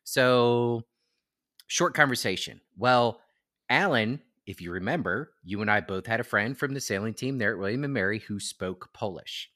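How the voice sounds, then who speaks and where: A man co-hosting a podcast, casually telling animated stories and swearing freely. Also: mid-range voice, moderate pace, no room sound, clean studio sound. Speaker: podcast co-host. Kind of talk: casual chat.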